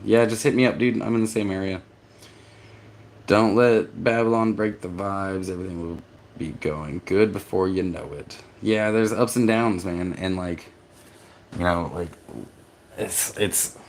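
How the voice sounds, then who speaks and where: A man from Texas, a vlogger, reading his chat aloud and answering in a rambling, halting way, tired from poor sleep. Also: sits low, slight background noise. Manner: rambling, halting, with restarts and laughs. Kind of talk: casual live-stream chat.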